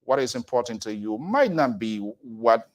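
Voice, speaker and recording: Lively man hosting radio. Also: medium pitch, moderate pace. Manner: energetic, greets listeners by name. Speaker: radio talk show host. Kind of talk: live call-in radio show hosting.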